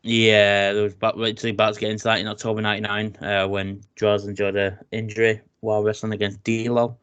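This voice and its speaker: A man with an English accent hosts a casual chat show and reads news items aloud. His voice sits fairly low, and he stumbles into restarts and filler words as he goes. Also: little pitch movement, quick pace, a bit bright, smooth. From England. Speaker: podcast host.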